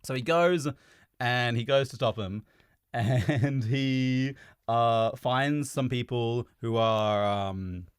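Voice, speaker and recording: A man's voice: mid-range voice, slow pace, clean tone, dry recording, clean studio sound. A man on a casual podcast, retelling a story in a rambling way, swearing and laughing as he goes.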